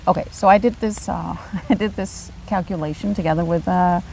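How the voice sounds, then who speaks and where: A woman in her forties from Denmark, speaking with a Danish accent as an architect and urban planner in a casual podcast conversation, emphatic and quick to laugh. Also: on the low side, vocal fry, slight background noise, poor audio. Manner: animated, emphatic, laughs often.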